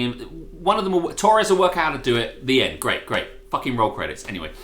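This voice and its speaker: A man's voice: medium pitch, wildly swooping pitch, fast, hardly any pauses, a bit bright, roomy sound, a little hiss or hum. A man co-hosting a live stream, telling a ranty, sweary story in casual chat. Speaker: co-host.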